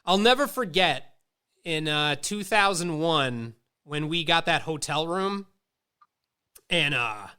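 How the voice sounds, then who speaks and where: A man in his late thirties with a slightly high, smooth voice takes his time as he tells stories in casual, profane chat. As a podcast host, he's animated and acts out the voices of the people he's describing.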